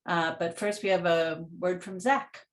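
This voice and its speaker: A woman's voice: lowish voice, fairly even intonation, measured pace. Upbeat woman hosting a webinar. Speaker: webinar host. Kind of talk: hosting transitions.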